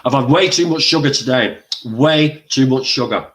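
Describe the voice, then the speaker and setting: A man's voice: medium pitch, normal speed, fairly bright tone. An older man hosting a casual livestream, chatty and exclaiming, eating while he talks. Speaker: livestream host.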